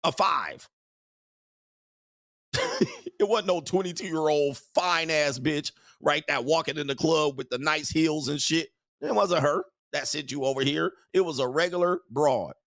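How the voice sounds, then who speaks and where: A man's voice: fairly high pitch, measured pace, fairly bright tone, no echo, studio quality. A man hosting a show, delivering a crude, mocking livestream rant and laughing often. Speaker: show host.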